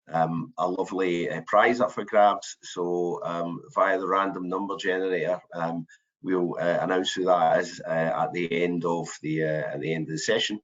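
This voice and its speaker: Low-voiced man hosting a webinar. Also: fairly bright tone. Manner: hesitant, many ums and restarts. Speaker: webinar host. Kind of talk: presenting a business webinar. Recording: dull lo-fi online call audio.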